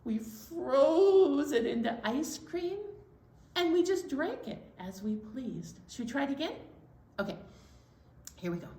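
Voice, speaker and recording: A woman leading a children's library storytime, singing simple songs and talking in a cheery, sing-song way, slow and clear for little ones. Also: high-pitched, big pitch swings, dark tone. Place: library program room. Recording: echoey room, voice far from mic.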